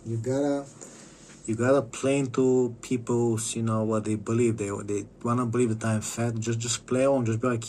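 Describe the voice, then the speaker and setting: A man's voice: medium pitch, level tone, moderate pace, darkish tone, slight background noise. A man talking in a casual vlog monologue, rambling and profane with lots of stammered restarts.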